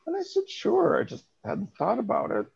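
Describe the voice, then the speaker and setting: Middle-aged male co-host, gravelly and husky, animated storyteller, dull lo-fi podcast sound. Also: extremely high pitch, moderate pace. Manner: animated storytelling, swearing, laughing often. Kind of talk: casual chat.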